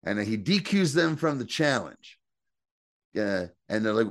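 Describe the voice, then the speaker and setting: A man's voice: fairly low pitch, sing-song, a little slow, no room sound, clean studio sound. A man co-hosting a podcast, recapping a TV episode in casual, rambling chat and acting out characters' lines. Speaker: podcast co-host.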